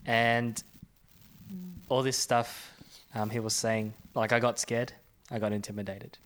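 A man's voice: medium pitch, level tone, measured pace, a bit bright, slight background noise. A young man, a church minister, sharing an earnest personal testimony and reading scripture aloud with growing force. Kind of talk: personal testimony in a faith conversation.

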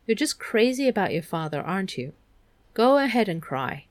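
Woman reading as gentle teen boy Calvin. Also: medium pitch, sing-song, normal speed, no room sound, close to an everyday voice. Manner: gentle, reassuring.

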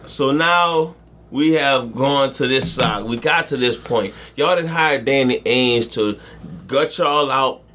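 A man co-hosting a casual sports podcast, joking and swearing as he tells a slow, rambling story. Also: medium pitch, pushed and bright, slight background noise. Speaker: podcast co-host.

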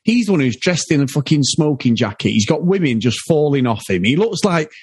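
Animated sweary British man, lively pitch. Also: brisk, breathy edge, no echo, studio quality. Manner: animated, sweary, laughs often. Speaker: podcast co-host. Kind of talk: casual film review chat.

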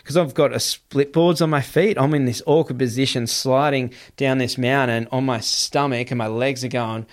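A male guest in casual chat tells a wild story, swearing freely and running his sentences together in a quick, run-on telling. His mid-range voice holds a steady tone.

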